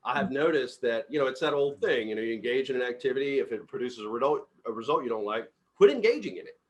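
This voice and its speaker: A man's voice: mid-range voice, quick pace. A middle-aged man leading a team meeting as company CEO, giving a casual motivational talk and acting out the dialogue in his personal stories with upbeat energy. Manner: upbeat, animated storyteller who acts out dialogue.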